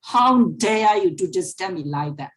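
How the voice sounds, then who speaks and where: A woman's voice: on the low side, animated. A woman reading as a proud angry lion. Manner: repeats each line slowly.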